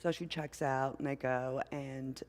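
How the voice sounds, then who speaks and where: Slow-speaking older woman minister in a reverberant sanctuary. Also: rumbling low, steady tone. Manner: unhurried, conversational, asks the congregation questions. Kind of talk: sermon with storytelling. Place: church sanctuary. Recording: long hall reverb.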